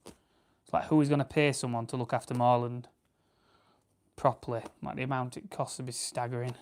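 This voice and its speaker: Chatty Yorkshire man, smooth clear voice. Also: mid-range voice, flat delivery, normal speed, a little mellow. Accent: Barnsley Yorkshire. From Barnsley, England. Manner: chatty, rambling, self-correcting, answers chat comments. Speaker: farming channel host. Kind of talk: casual livestream chat while plucking game.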